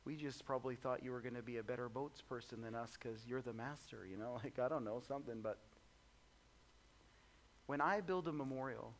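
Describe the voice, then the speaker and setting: A man preaching a sermon in a conversational, humorous way, swinging between soft low asides and loud high exclamations. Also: a little fast. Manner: conversational and humorous, acts out voices of the disciples. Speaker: pastor.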